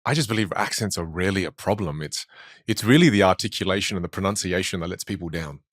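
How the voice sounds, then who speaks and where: Sitting low in pitch and moving fast, the voice of this Australian communication coach carries animated stories with put-on voices during a conversational interview. The studio-quality recording has no room sound.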